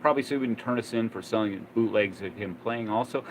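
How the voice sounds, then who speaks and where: A man's voice: lowish voice, fast talker, a little hiss or hum, low-quality recording. Rambling man telling old stories. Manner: rambling, many fillers and restarts. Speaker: vlogger. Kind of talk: casual storytelling.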